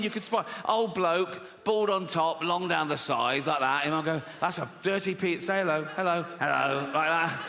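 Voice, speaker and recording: A man's voice: on the high side, a bit bright. A man with an English accent doing a provocative, sweary stand-up routine in a conversational way. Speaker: stand-up comedian. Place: large live venue. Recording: echoey hall with audience noise.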